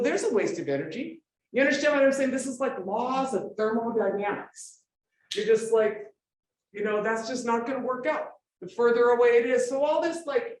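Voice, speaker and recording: In a very echoey room with faint ambience, a mid-range voice far from the microphone, plus a little hiss or hum, delivers an informal public lecture with slides at a forum. The speaker is emphatic, leans on rhetorical questions and keeps checking that the audience is following.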